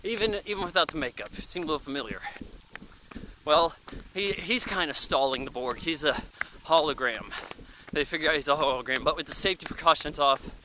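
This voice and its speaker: A man's voice: fairly high pitch, brisk, noisy background. A man in his thirties giving a casual, rambling movie review, chatty and offhand, thinking aloud with plenty of fillers.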